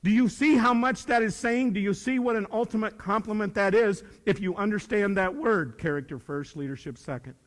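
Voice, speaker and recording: An older man giving a live motivational talk to young people, animated and swinging between loud bursts and hushed asides. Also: high voice, moderate pace, hardly any pauses. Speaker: motivational speaker. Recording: reverberant hall.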